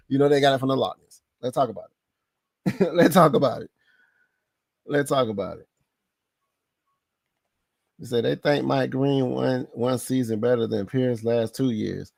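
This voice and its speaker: Animated man, gravelly and lively. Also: on the high side, moderate pace, no echo, clean studio sound. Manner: animated, slangy, laughs often, repeats phrases. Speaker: sports podcast host. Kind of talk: casual live-streamed sports talk.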